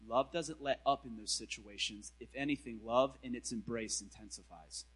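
A man voicing God as a calm, firm, gentle male speaker, speaking lower and hushed within a sermon. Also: normal speed, lightly acted, low-quality recording. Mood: gently firm.

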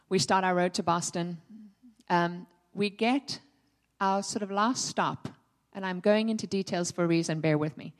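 A woman preaching to a congregation, telling a personal story in an animated way and voicing herself and others in it. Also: lowish voice. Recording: reverberant hall.

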